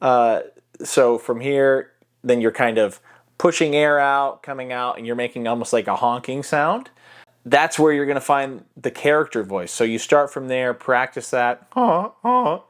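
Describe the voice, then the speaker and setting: A man's voice: medium pitch, normal speed. A man giving a casual voice-acting tutorial into a close mic, explaining technique with loose, demonstrative talk and many fillers. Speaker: voice-acting coach. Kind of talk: tutorial vlog. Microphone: close mic he sometimes touches.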